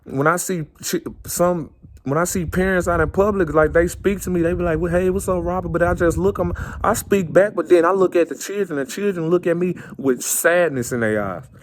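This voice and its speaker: A man's voice: sits high, normal speed, a little hiss or hum. Earnest man repeating himself passionately. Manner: earnest and repetitive, circling back on phrases. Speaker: vlogger. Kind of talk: impassioned personal monologue.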